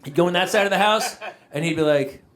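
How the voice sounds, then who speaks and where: A middle-aged male comedian telling an animated story on a live stage, shouting out the voices of himself and his dog. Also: high-pitched, fast talker. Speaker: stand-up comedian. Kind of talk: stand-up comedy set. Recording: live stage recording with audience noise. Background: audience laughter.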